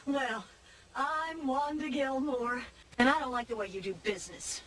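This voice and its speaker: A feisty activist. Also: female voice, high-pitched, moderate pace, fairly bright tone, low-quality recording. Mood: indignant. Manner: firm, indignant. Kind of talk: 1990s children's TV acting.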